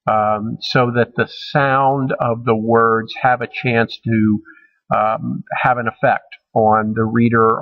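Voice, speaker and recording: Slow, halting male lecturer. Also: medium pitch, lo-fi sound. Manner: measured, halting with frequent ums and restarts. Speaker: college humanities instructor. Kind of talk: recorded lecture.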